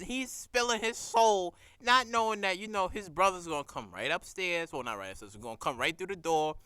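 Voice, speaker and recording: A man recapping a TV episode in casual, profane chat, animated and laughing as he acts out scenes. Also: sits high, clean tone, no echo.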